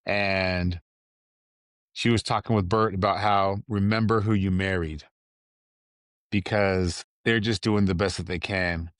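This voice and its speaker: A man hosts a solo podcast in a casual, rambling chat. His voice sits somewhat low and sounds dry and close to the mic. He drifts between asides in an easy, unhurried way. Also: fairly even intonation, a bit bright, dry recording. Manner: rambling, loose and conversational with fillers and asides. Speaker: podcast host.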